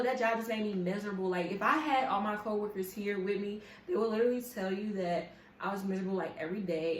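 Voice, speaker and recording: A young woman telling a storytime vlog in a casual, animated, profane way, talking straight to her viewers. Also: medium pitch, a little hiss or hum. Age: young adult. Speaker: vlogger. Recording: echoey room with faint ambience.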